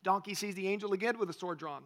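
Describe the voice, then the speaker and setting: Man, pastor, sermon, conversational, questions to the congregation, high voice. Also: fast talker.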